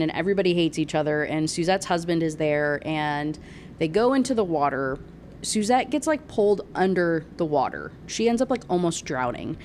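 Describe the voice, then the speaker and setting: A woman ranting about a book in a casual, sarcastic, animated way, laughing often. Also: fairly low pitch, a little hiss or hum. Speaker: book reviewer.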